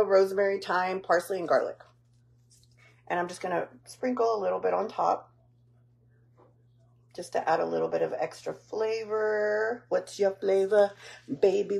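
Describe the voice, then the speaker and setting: A woman's voice: medium pitch, gravelly, a little mellow, slight background noise. A woman chatting casually as she walks through a home recipe, rambling and teasing herself with lots of fillers. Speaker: home cook vlogger. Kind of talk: casual cooking tutorial.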